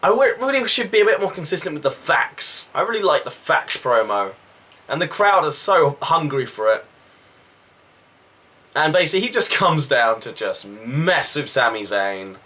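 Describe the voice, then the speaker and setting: A man recapping a wrestling show in a casual, rambling review with quick asides. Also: fairly high pitch, sing-song, sharp tone.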